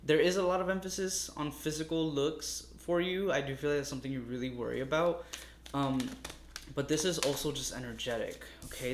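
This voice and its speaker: A man of medium pitch chats his way through a tarot reading, rambling and calling his viewers his loves. He sounds a touch exasperated. The recording has a roomy echo and a faint hiss behind it. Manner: chatty, meandering, addresses viewers warmly as loves. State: a little exasperated. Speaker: tarot reader. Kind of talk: casual spoken tarot reading. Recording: echoey room with faint noise.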